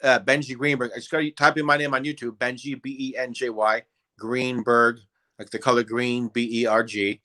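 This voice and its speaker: A man's voice: medium pitch, level tone, normal speed, sharp tone. A male impressionist answering interview questions in a rambling, casual way with many fillers. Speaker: guest impersonator.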